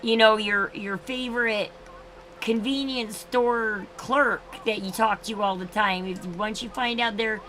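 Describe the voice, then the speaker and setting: A woman's voice: on the high side, fairly even intonation, measured pace, a bit bright, slight background noise, rough recording. A woman in her thirties hosting a casual livestream, chatting in a rambling way with frequent restarts. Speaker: livestream host.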